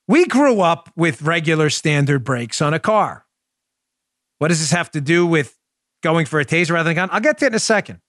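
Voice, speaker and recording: A forceful man in his forties speaks with a Queens, New York accent. His voice sits a bit high and comes across dry and close on a studio microphone. He drives his political commentary with loud emphasis and pointed rhetorical questions. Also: sing-song, fairly quick, dry recording. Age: 40s. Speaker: podcast host.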